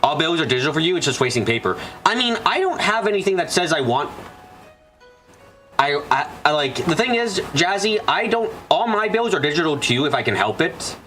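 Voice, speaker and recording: A man's voice: a little high, very animated, brisk, pushed and bright. A man streaming a video game, ranting casually and profanely while answering chat, with faint game music behind him. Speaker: gaming streamer. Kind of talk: casual let's-play commentary.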